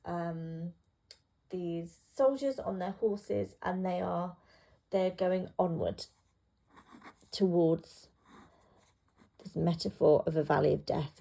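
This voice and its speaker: Gravelly, mellow-voiced woman teaching literature. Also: lowish voice. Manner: casual and unscripted, with frequent ums and restarts. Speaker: English literature tutor. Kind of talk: revision lesson, talking through a poem.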